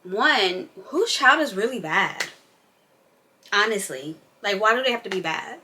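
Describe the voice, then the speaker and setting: A woman's voice: medium pitch, animated, unhurried, sharp tone, slight background noise. A young woman vlogger and mom in an unscripted casual chat, candid and emphatic, rambling as she goes.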